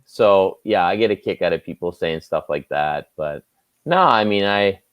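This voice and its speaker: A man with a Canadian Maritime accent, a sports anchor chatting as a guest in a relaxed, self-deprecating way. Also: low voice, moderate pace, clean tone, dry recording, highs cut off. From Nova Scotia, Canada. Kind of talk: casual interview chat.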